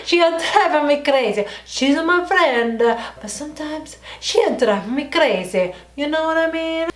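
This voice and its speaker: A woman's voice: lively intonation, a little slow, roomy sound. A woman putting on a singsong Italian-accented woman. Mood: affectionate. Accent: put-on Italian. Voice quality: broken grammar, singsong, high and loud. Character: chatty Italian woman gushing about her best friend.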